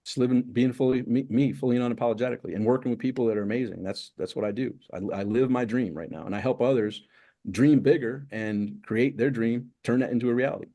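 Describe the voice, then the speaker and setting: A man's voice: mid-range voice, fast talker, warm tone. A middle-aged man being interviewed as a success coach, talking in emphatic, repeated lists of steps. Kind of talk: interview conversation.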